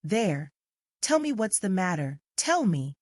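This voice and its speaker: A woman narrator voicing a haughty young upper-class lady who is quick-tempered, peremptory one moment and sugary-sweet the next. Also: mid-range voice, sing-song, no echo, studio quality. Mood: coaxing.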